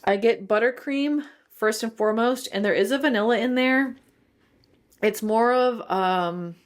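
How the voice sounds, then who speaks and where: A woman, giving a chatty, detailed candle review and thinking aloud as she goes. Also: medium pitch. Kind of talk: casual review vlog.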